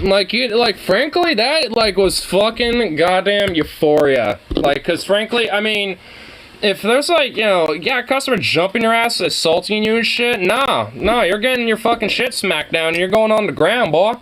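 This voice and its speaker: A man's voice: sits high, a bit bright. A young man reacting to a video, ranting in a heated, profane, casual way.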